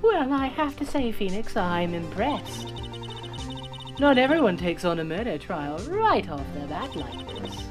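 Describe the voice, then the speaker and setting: A woman voicing a composed female mentor attorney in a game, calm and encouraging. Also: mid-range voice, a little slow, music in the background.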